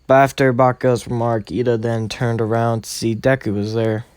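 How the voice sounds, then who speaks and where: A man's voice: medium pitch, flat delivery, moderate pace, darkish tone, clean tone. A man casually narrating a fan story in a loose, rambling way full of filler words.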